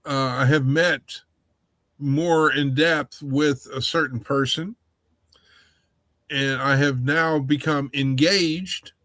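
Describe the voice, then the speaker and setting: A man hosting a casual livestream chat, rambling with halting restarts. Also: medium pitch, fairly bright tone, no echo.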